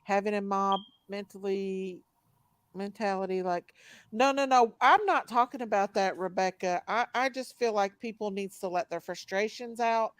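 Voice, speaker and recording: A woman's voice: medium pitch, moderate pace, dry recording. A woman hosting a live online panel, talking heatedly and greeting viewers by name as she goes. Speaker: livestream panel host. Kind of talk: casual live chat.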